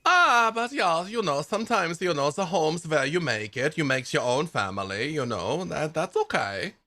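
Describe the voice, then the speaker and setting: Rich: A kindly old woman of the woods, chatty and welcoming, as a man puts her on. She speaks in a broken, made-up foreign accent and her voice rises high above his usual tone. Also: normal speed, a bit bright, lightly acted.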